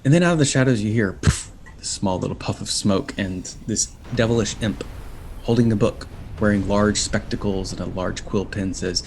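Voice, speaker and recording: A man with a low, gravelly voice runs a tabletop game and paints each scene for his players. He describes events in an unhurried storytelling manner, with faint noise behind him. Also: a little mellow. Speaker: game master.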